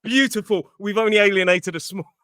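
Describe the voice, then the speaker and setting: A British man hosting an English-learning podcast, chatting casually and explaining vocabulary clearly. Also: high voice, brisk, a bit bright, no room sound, studio quality. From England. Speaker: podcast host and English teacher. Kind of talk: casual educational podcast chat.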